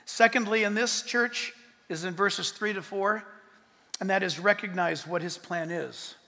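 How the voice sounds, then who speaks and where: Bright-voiced man preaching in a hall. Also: sits high, a little slow. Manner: animated, swings from loud to hushed, joking asides. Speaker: pastor. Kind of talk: sermon.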